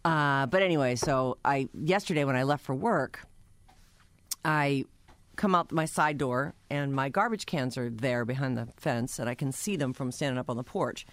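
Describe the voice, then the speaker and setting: A radio show co-host in casual chat, telling anecdotes in an animated way and laughing along the way. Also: mid-range voice, moderate pace, dry recording.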